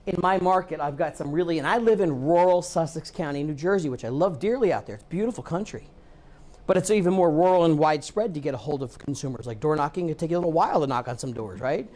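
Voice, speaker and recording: A man giving a live training talk to a room of real estate agents, lively, acting out what people say. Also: on the high side, fast.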